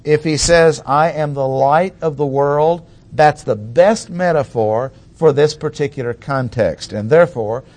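Man, preacher, teaching sermon, unhurried delivery, mid-pitched voice, rhetorical questions. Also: a little mellow. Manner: slow, deliberate, explanatory, with rhetorical questions. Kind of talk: sermon teaching on Bible language.

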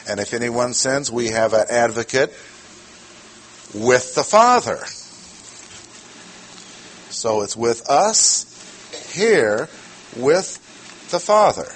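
A man teaching a sermon verse by verse, slow and deliberate, repeating his key words. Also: medium pitch, lively intonation, slight background noise. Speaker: preacher. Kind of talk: expository Bible teaching.

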